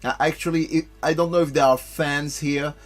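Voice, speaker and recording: A man hosting a let's play, commentating casually in a halting way with many restarts and fillers. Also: on the high side, steady tone. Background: game music.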